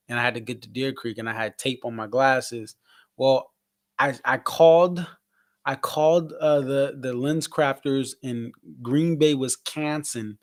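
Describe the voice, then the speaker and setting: A man from Connecticut hosting a casual post-show livestream, reading fan comments and giving loose, hyped shout-outs. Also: medium pitch, dry recording, clean studio sound. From Connecticut, USA. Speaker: livestream host.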